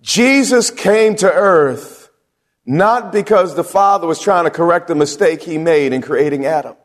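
A male pastor preaching a sermon, drawing answers from the congregation with questions and rising to shouts at its peaks. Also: fairly high pitch, unhurried, big-room sound.

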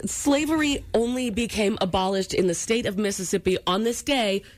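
A man's voice: high-pitched, normal speed, dry recording. A man hosting a talk show, bantering playfully and telling jokey stories. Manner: playful, joking storyteller. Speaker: radio show host.

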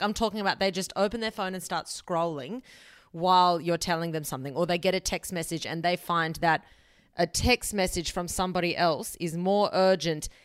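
A woman's voice: fairly low pitch, clean tone, no room sound, studio quality. A young woman hosting a solo advice podcast, talking bluntly and emphatically and swearing casually. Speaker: podcast host.

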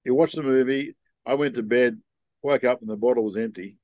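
An older man tells stories as a podcast guest, in a frank, reflective way that circles back on itself. His voice sits at a middle pitch. The sound is dry and close. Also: a little fast, no room sound, lo-fi sound. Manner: rambling, frank and reflective, with frequent ums and restarts. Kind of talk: casual storytelling conversation.

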